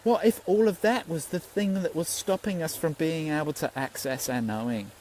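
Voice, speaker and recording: A man's voice: a little high, moderate pace, a little mellow, a little hiss or hum, poor audio. A man, a spiritual teacher giving an earnest, rambling Facebook Live talk and swearing freely.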